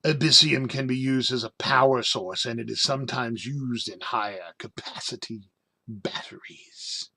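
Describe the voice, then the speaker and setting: A man reviews a tabletop game sourcebook in a loose, casual way. He reads passages aloud, then drifts into jokey, rambling asides. His pitch sits in an ordinary male middle range, and he fills his pauses with ums and uhs. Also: gravelly, sharp tone, husky. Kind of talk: casual review reading from a rulebook.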